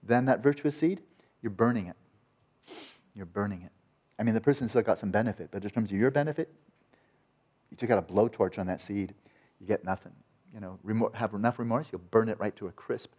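A man's voice: lowish voice, fast talker, warm tone, slightly rough. A man teaching meditation in a conversational dharma talk, acting out quoted voices and often restarting his sentences.

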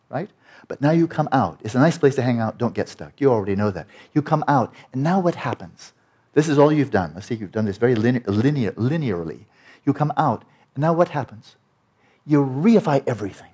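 A man's voice: medium pitch, darkish tone, husky. A man giving a Buddhist teaching talk as a meditation teacher, blunt and joking, often mimicking the inner voices of his students.

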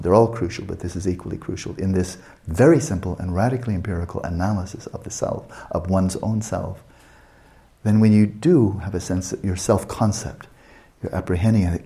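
A man guiding a meditation session as a teacher, unhurried and questioning, often checking in with his listeners. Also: sits low, warm tone.

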